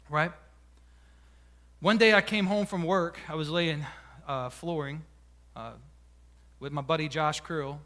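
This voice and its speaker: High, bright-voiced pastor preaching. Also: male voice. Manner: emotional, personal storytelling with many restarts. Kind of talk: sermon. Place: church sanctuary.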